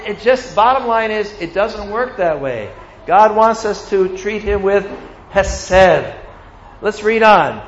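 A man preaching a sermon, animated, acting out the voices of God and of his listeners. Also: high voice, roomy sound, dull audio, slight background noise.

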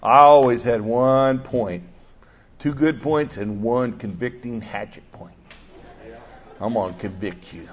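An older male pastor preaching a sermon, animated, swinging between loud bursts and soft asides. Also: medium pitch, slow. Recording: dull lo-fi sound.

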